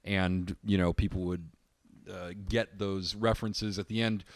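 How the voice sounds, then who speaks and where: A man's voice: deep voice, steady tone, a little slow, no echo. A man co-hosting a film podcast, casually explaining movie history in long, rambling stretches. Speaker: podcast co-host.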